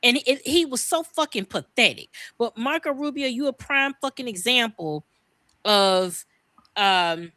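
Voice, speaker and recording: Fired-up, bright-voiced woman ranting. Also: on the high side, expressive, a little slow, dry recording, clean studio sound. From United States. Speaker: podcast co-host. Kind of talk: heated casual podcast talk.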